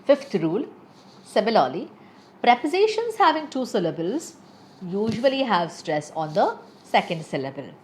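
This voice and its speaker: A woman's voice: medium pitch, big pitch swings, moderate pace, a little hiss or hum. A woman teaching English pronunciation, reading word lists one by one with careful stress. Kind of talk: scripted pronunciation lesson.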